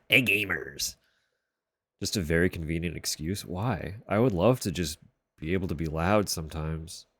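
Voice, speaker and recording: A man chats on his live stream from a room at home, keeping his very deep voice level and quiet. He talks slowly and loosely and swears in passing. The sound is dry and close, with no room echo. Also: breathy edge. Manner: keeps voice level and low, swears casually. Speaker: livestreamer. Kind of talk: casual chat on a live stream. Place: room at home sharing a wall with a neighbor's bedroom.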